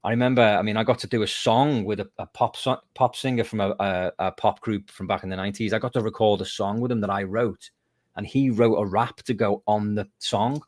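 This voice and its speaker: A man's voice: fairly low pitch, brisk, no echo. A man from the UK, a guest musician telling stories in a casual interview. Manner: animated storyteller, lively and self-mocking.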